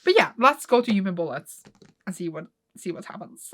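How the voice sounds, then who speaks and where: A woman casually retelling and reacting to a comic she is reading, excitable and emotional, often laughing and close to tears. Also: medium pitch, fairly quick. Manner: excitable, gushing, laughs often, retells scenes with quoted voices. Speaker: manga reaction vlogger.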